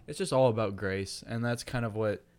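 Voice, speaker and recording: Smooth, low-voiced young man. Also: normal speed, a little mellow. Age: young adult. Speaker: student, co-host. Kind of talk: casual chat.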